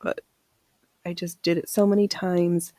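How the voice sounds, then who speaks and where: A woman's voice: fairly low pitch, level tone, unhurried, dark tone, dry recording. A woman hosting a casual live sewing stream. She laughs often and reads viewer comments aloud as she works. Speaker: livestream host.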